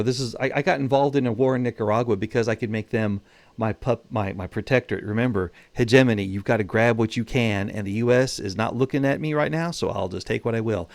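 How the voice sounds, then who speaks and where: A man talking through a strategy game as he plays it, chatty and a little wry. His voice sits at an ordinary middle pitch. The sound is dry and close, with no room echo. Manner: chatty, wry, thinks aloud. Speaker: gaming channel host. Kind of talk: casual gameplay commentary.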